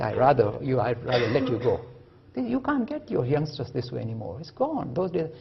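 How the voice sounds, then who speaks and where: Raspy, gravelly man lecturing on religion; animated storyteller, acts out voices; lo-fi recording. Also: fairly high pitch. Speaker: speaker on religion.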